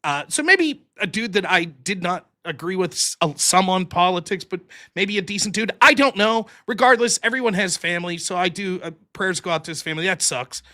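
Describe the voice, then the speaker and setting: Man hosting a podcast, high animated voice, bright tone, jokey casual chat. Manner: animated, joking, quick to laugh. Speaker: podcast host reading super chats.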